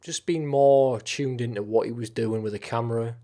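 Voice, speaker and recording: A man's voice: mid-range voice, normal speed, mellow. A man streaming live, chatting casually about films, with lots of swearing and rambling enthusiasm.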